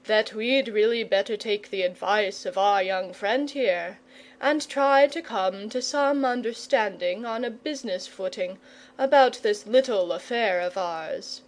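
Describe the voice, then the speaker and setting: A woman's voice: medium pitch, a little slow, lightly acted. A woman voicing a frank, pleasant, patient male knight in a storybook reading. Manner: frank and persuasive.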